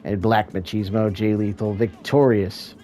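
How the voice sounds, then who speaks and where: Mellow-voiced wrestling commentator. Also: male voice, on the low side, measured pace, low-quality recording. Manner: excitable play-by-play, rising to shouts at near-falls; self-deprecating asides. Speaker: host and play-by-play commentator. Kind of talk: solo wrestling video game commentary.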